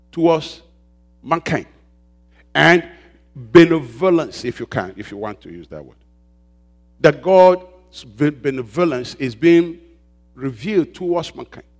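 Male pastor, slightly high voice; sermon delivery, prompts the congregation with questions, drags out emphasized words. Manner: call-and-response preaching, prompting the congregation with "what?"; rises and presses louder on key points, slows on emphasized words.

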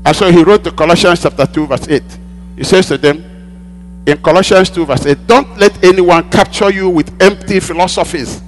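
A man's voice: a little high, a bit bright. A male pastor preaching a sermon, repeating lines for emphasis and prompting the congregation to answer back. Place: church hall. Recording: long hall reverb with mains hum.

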